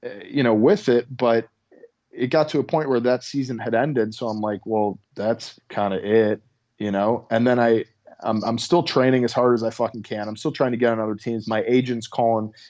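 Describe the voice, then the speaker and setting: A man's voice: mid-range voice, fairly even intonation, a little fast, a little mellow, highs cut off. A young adult male comedian telling a story in casual chat over a video call, in an intense, profane way. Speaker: comedian guest.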